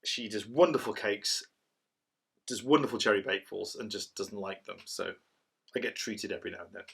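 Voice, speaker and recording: A man's voice: fairly low pitch, moderate pace, creaky, fairly bright tone, husky. A middle-aged man, chatting casually through a cider review and rambling as he goes. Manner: rambling, chatty, self-described waffler.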